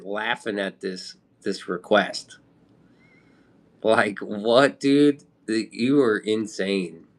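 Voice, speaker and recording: Rambling, cussing Midwest guy. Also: medium pitch. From American Midwest. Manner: rambling, swears casually, loose slang. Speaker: streamer. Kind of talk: casual live-stream chat.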